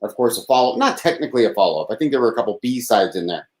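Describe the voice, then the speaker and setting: Talking very fast and expressively in a mid-range, darkish voice, this man runs a call-in livestream by himself from his desk. He rambles, jokes at his own expense, sighs and curses, and his voice sounds thin and a bit whiny through a plain desk microphone with no processing.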